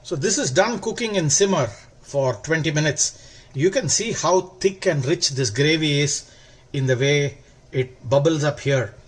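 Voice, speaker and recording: A man with a fairly high-pitched voice walks viewers through a recipe at the stove. He explains each step calmly and drawn out, leaning on words for emphasis. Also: a little slow, breathy edge. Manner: calm, step-by-step instructional. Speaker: cooking channel host. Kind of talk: cooking demonstration.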